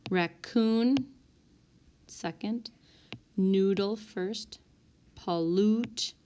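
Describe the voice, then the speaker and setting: A woman teacher giving a recorded spelling lesson, sounding out words one by one with deliberate dictation. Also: mid-range voice, slight background noise. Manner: slow, deliberate word-by-word dictation. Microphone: tablet microphone.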